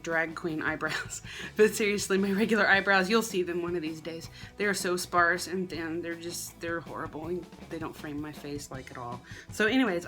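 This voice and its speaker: A young woman from South Carolina with a Southern accent, rambling chattily through a wig and makeup tutorial at home. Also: pushed and bright. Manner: chatty, rambling, self-deprecating, drops into a low murmur at times. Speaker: wig and beauty vlogger. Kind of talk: casual tutorial chat.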